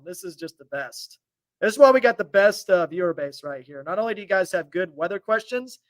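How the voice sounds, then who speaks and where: Chatty high-voiced weatherman. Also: a bit bright, no echo. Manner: chatty, upbeat, reading viewer comments aloud. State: slightly congested. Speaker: TV meteorologist. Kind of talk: casual weather live stream.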